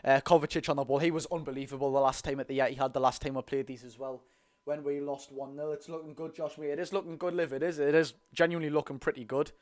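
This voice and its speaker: A young man with a Geordie accent doing a live watch-along of a football match, chatty and excitable, talking to his viewers. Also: fairly high pitch. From North East England. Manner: excitable, chatty, talks to the chat and the lads. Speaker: football fan streamer.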